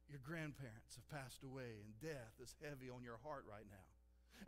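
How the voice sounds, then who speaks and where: High voiced guy preaching, earnest and chatty, keeps saying listen. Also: a bit bright. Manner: earnest, conversational, repeats "listen" for emphasis. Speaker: pastor. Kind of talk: sermon. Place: church sanctuary. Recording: long hall reverb.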